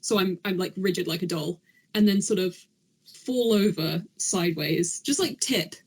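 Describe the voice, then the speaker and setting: A woman player in a podcast tabletop game, thinking aloud in a loose, casual way. Her voice is husky and breathy. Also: fairly low pitch, normal speed. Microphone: podcast mic.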